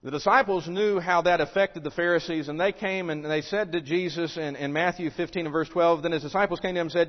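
A man preaching a sermon to his congregation, building to forceful questions and then dropping to a quiet, low voice. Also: fairly even intonation, fairly quick, few pauses. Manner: emphatic, rising to loud rhetorical questions then dropping low. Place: church sanctuary. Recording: dull recording with long hall reverb.

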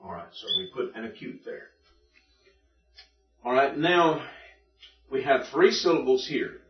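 A man's voice: mid-range voice, big pitch swings, measured pace. A male teacher giving a patient, methodical classroom lecture, repeating and drilling points for his students. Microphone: room recording from a distance. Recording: distant echoey classroom recording, dull lo-fi.

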